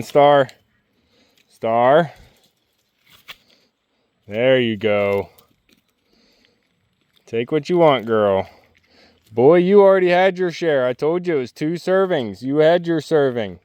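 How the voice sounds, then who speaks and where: A man on a farm outdoors, gently and playfully coaxing his animals in casual talk. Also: on the high side, clear, resonant tone, dry recording. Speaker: homestead vlogger.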